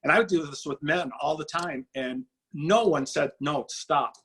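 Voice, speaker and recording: Husky, animated middle-aged man. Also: a little high, moderate pace, poor audio. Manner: animated, acts out quoted dialogue. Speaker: guest speaker. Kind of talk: storytelling interview answers.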